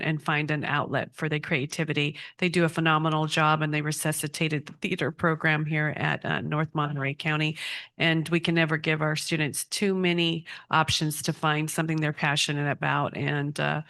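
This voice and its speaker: A woman's voice: deep voice, fairly bright tone. A woman chairing a school board meeting, chatty and upbeat as she gives her report.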